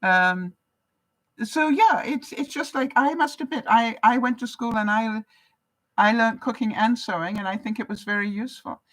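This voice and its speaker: A woman's voice: fairly high pitch, normal speed, a bit bright, low-quality recording. An older woman from Canada, a vlogger chatting casually as she reads out viewer comments, laughing often and asking her viewers questions. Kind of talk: casual live-chat talk.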